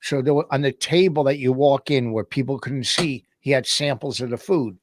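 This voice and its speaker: A man's voice: medium pitch, normal speed, a little hiss or hum. Ranting man telling club stories. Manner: ranting, exasperated storytelling. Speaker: comedian co-host. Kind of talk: casual podcast banter.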